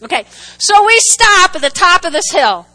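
A woman with a high, bright voice preaches to her congregation. She tells funny stories about herself and keeps calling out for answers from the room. Her delivery is animated and conversational. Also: normal speed, rough recording. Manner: animated, humorous storytelling with audience call-and-response. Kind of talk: sermon.

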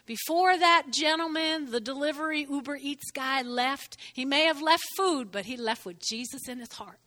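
An older woman preaching a sermon in an animated way, often checking in with "okay?" and "all right?". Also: sits high, normal speed. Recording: reverberant hall.

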